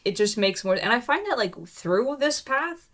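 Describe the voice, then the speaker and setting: A woman guest on a podcast in casual chat, telling animated stories with laughs and quoted lines. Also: a little high, moderate pace. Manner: animated storytelling, laughing, quoting people.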